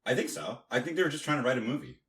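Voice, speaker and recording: A man's voice: medium pitch, expressive, rapid-fire, fairly bright tone. A man co-hosting a casual movie podcast, blunt and swearing a lot as he talks. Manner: blunt, swears often, lots of fillers. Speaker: podcast co-host. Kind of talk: casual movie review chat.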